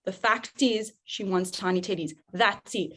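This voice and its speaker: Speaking a little slowly at medium pitch, this parenting coach is lively in her podcast interview, playing both the parent and the child as she acts out scenes.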